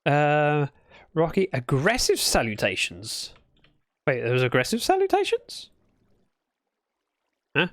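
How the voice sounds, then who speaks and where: A man's voice: fairly high pitch, huge pitch swings, takes it slowly, long pauses, dry recording, clean studio sound. A British man livestreaming a game, chatting casually in a rambling, playful way and correcting himself as he goes. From Britain. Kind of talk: casual gameplay chat.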